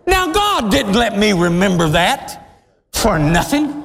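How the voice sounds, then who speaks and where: A man preaching to a crowded church, his voice high and lively as it rises from slow storytelling into shouts. The sanctuary rings with long reverb, and the congregation murmurs and stirs behind him. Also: gravelly. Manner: storytelling, building to shouted exhortation. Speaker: pastor. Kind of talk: sermon. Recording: long hall reverb, crowd and room noise.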